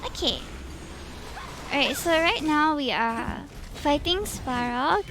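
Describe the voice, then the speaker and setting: A woman's voice: sits high, expressive, slow pace. A young woman with a Singaporean accent, chatting casually and giggling on her live stream, sprinkling in Singlish particles. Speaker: VTuber streamer.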